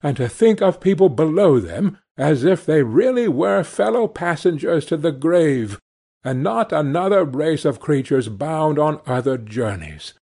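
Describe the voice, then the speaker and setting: A man voicing Scrooge's cheerful, warm-hearted young nephew in an audiobook reading, speaking earnestly and with passion. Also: a little high, lively intonation, measured pace, gravelly, breathy edge, full character voice. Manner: earnest, impassioned.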